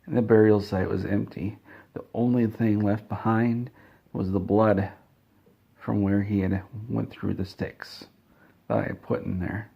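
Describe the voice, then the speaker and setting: Low, husky man telling a deadpan tale. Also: measured pace, muffled recording. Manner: deadpan, rambling with self-corrections. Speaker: comedic storyteller. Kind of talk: absurd comedic story told straight-faced.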